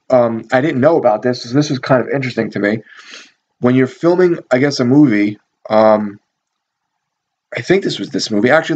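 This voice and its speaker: A man chatting through a movie review in a loose, rambling way, full of ums and likes and the odd curse. His voice sits at an ordinary middle pitch. The recording is a bit dull and lo-fi. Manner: rambling, profane, amused, many fillers. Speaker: video reviewer. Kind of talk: casual movie review talk.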